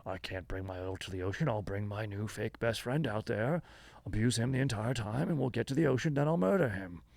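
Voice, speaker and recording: A ruthless oil tycoon from a film, as a man puts him on, speaking in a slow, hushed drawl full of menace. The voice sits low and gravelly and sounds dry and close, with no room around it. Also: lively intonation, dry recording. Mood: menacing.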